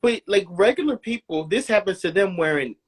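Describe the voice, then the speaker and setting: A man co-hosting a casual podcast chat, telling stories in a relaxed way full of "like" and "um". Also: high-pitched, a little fast, slightly rough. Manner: relaxed, filler-heavy storytelling with frequent "like" and "um". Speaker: podcast co-host.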